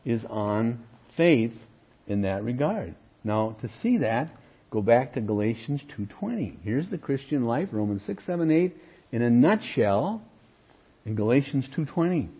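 A man's voice: mid-range voice, breathy edge. A man teaching through Bible passages, reading verses aloud with emphasis and asking rhetorical questions. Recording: muffled lo-fi recording.

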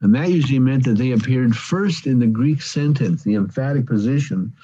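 A man's voice: mid-range voice, expressive, fairly quick, mellow, slight background noise. A man teaching an evening Bible study, explaining a verse word by word, often repeating phrases and leaning on key words for emphasis. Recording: dull lo-fi recording.

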